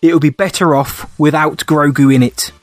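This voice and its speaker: A man co-hosting a casual podcast, with a voice a little higher than most men's. He jokes, laughs often and calls his friend mate. The sound is dry and close, with faint music behind him. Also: steady tone, normal speed, no room sound. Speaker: podcast co-host. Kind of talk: casual chat.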